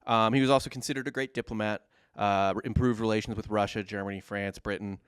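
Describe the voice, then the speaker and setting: A man's voice: fairly low pitch, steady tone, fast talker, clean tone, no echo, clean studio sound. A man co-hosting a podcast, casually telling history with jokes and occasional mock accents. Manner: jokey, slips into mock accents. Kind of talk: casual comedic history chat.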